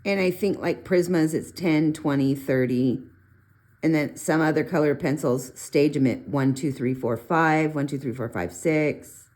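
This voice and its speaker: Chatty low-voiced woman giving art tips. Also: unhurried. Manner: chatty, rambling asides, animated pitch jumps. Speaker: colored pencil artist reviewing pencils. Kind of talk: casual art tutorial talk.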